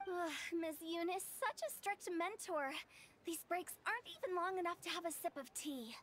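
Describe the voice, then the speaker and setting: A woman's voice: extremely high pitch, moderate pace, fairly bright tone, a little hiss or hum. A woman voicing a mischievous, playful young funeral director in a game who talks in a teasing, perky way.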